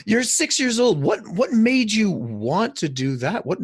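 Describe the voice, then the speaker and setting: A podcast host asking halting questions and laughing often. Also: mid-range voice, sing-song, slightly rough. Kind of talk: podcast interview.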